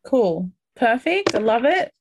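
A woman coaching a group on a call, upbeat and encouraging, talking through feelings and sometimes acting out excitement. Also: fairly high pitch, slow pace, background noise. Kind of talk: motivational coaching talk.

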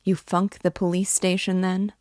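A woman voicing a listless young male former student in a slow, lazy, dreamy tone. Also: deep voice, steady tone, no echo, studio quality. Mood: jeering.

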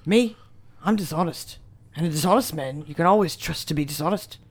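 A man's voice: a little high, moderate pace. A man putting on the voice of a dishonest pirate captain. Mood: sly.

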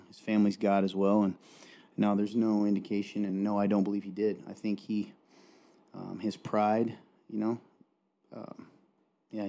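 A man's voice: lowish voice, dark tone. A young man co-hosting a podcast in easygoing casual chat, often trailing off mid-sentence. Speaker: podcast co-host.

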